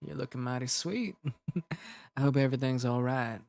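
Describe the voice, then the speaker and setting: A man's voice: medium pitch, moderate pace, gravelly, a little mellow, natural voice. A man putting on the voice of a charming, flirty Southern cowboy with an American Southern accent.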